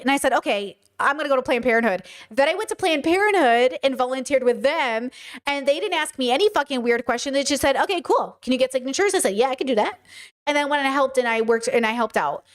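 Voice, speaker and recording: A woman's voice: high voice, quick pace. A young woman hosting a livestream, giving heated, emphatic commentary and repeating her points back at the chat. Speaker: podcast host.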